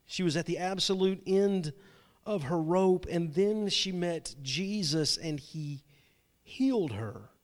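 Man, preacher, sermon storytelling, dramatic, repeats words, slightly high voice. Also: takes it slowly. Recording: long reverb from a large hall.

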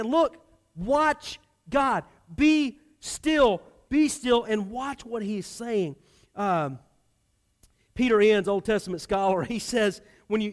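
High-voiced pastor preaching with swings. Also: male voice. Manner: animated, swings from loud emphasis to hushed low delivery. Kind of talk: sermon.

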